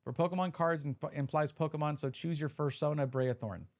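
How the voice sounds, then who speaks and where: A man's voice: a little high, brisk, darkish tone. A man live-streaming, chatting casually and reading out viewer messages as he opens card packs. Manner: chatty, reads chat aloud, restarts often.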